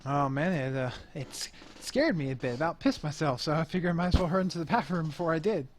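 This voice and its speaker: A man's voice: fairly high pitch, animated, quick pace, natural voice. A man playing a blustery nightclub boss. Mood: sheepish. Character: blustery male nightclub owner, touchy about family.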